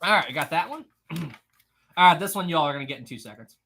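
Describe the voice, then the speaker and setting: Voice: medium pitch, expressive, fast, sharp tone, husky. A live-stream trivia host who reads out viewers' answers in casual chat, upbeat, laughing often and repeating praise and questions.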